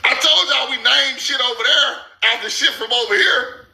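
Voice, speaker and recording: A man hosting a casual commentary over maps, loud and incredulous, laughing and swearing, stretching out words slowly for emphasis. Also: extremely high pitch, creaky. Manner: slow, drawn-out emphasis on names. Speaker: host.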